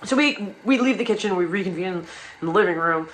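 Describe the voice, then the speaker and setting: A woman's voice: mid-range voice, lively intonation, fairly quick, a bit bright, rough recording. A young woman telling a wild personal story in casual comedic style, rambling and profane, with many restarts and asides.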